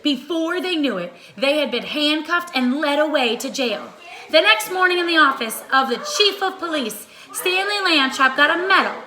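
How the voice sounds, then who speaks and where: A woman reads a children's story aloud in an expressive, dramatic way. Her voice is high and bright. The reading carries a noticeable room echo. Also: normal speed. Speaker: storybook reader. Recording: echoey room.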